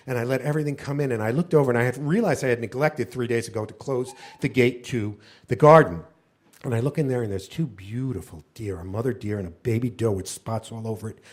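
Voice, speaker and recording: A man telling a personal story live on stage, animated, comic and profane. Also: medium pitch.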